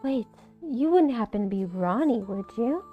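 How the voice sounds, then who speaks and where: A woman's voice: a little high, lively intonation, moderate pace, lo-fi sound, soft background music, close to an everyday voice. A woman voicing a shy young barmaid in a text game, speaking sweetly and politely. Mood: curious.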